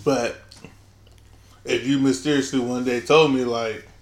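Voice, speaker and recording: A man's voice: medium pitch, steady tone, measured pace. A young man co-hosting a casual podcast chat, rambling with lots of fillers and joking around. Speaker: podcast co-host. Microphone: studio mic at a table. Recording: roomy echo with faint room noise.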